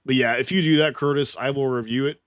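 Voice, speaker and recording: A man's voice: mid-range voice, steady tone, quick pace, a bit bright, no room sound, clean studio sound. A man hosting a casual livestream, talking to his chat in a rambling, defensive way and swearing often. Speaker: livestream host.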